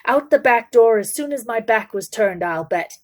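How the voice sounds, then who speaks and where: A woman's voice: fairly high pitch, animated, moderate pace, close to an everyday voice. A woman voicing a greedy, sour old male shopkeeper who mutters and grumbles. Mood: wheedling.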